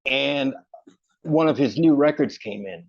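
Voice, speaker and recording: Man, podcast host, excited storytelling, gravelly, dry dull sound. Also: mid-range voice, a little slow, no room sound. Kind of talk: casual interview.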